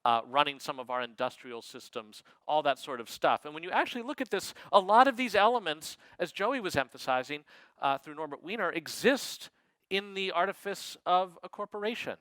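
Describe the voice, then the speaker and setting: A man giving a lecture talk in a wry, digressive way, full of quick asides. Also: fairly high pitch, lively intonation, a bit bright, no room sound, poor audio.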